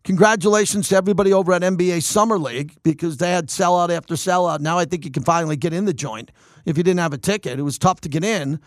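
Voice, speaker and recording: A man hosting a sports talk radio show, delivering an energetic, opinionated monologue and thinking aloud with restarts. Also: high-pitched, quick pace, dry recording, studio quality.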